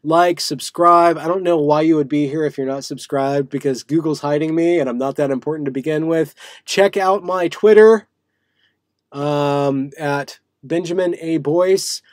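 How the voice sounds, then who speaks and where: A man hosts a casual live stream from a small room, musing aloud in a playful, rambling way. His voice sits a little high for a man, and he keeps stopping to restart his sentences. The sound is close and dry. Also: no room sound. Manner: rambling, playful, halting with many fillers and restarts. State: sweaty. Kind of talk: casual livestream monologue.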